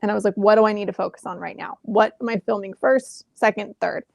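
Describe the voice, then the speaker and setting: Creaky-voiced woman telling a story. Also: medium pitch, quick pace, no room sound. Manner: animated, acts out quoted exchanges. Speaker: actress guest. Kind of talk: casual interview storytelling. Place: home.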